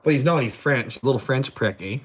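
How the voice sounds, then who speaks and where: A man's voice: medium pitch, fairly quick, breathy edge. A man hosting a casual livestream, joking crudely, laughing often and reading viewer comments. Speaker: livestream host.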